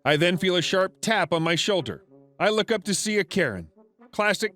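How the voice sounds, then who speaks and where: A man narrates online stories in a scripted, storytelling way. His voice sits high and moves lively up and down. Soft music plays faintly behind him. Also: normal speed.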